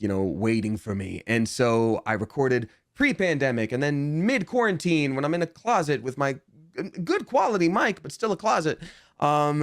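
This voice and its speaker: A young adult man, a voice actor and guest, chatting casually in an interview and telling stories animatedly, swinging his pitch up when he jumps into quotes. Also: no echo, studio quality.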